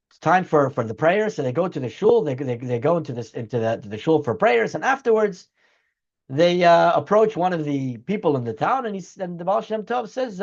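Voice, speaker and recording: A man's voice: fairly high pitch, very animated, brisk, gravelly, lo-fi sound. A man teaching as a rabbi, telling a story in an earnest way and acting out its dialogue. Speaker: rabbi teaching a weekly class. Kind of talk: storytelling lecture.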